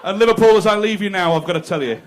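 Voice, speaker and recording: A man's voice: high-pitched, very fast, a little hiss or hum. A man doing a crude, conversational stand-up set, teasing the crowd. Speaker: stand-up comedian. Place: comedy club stage.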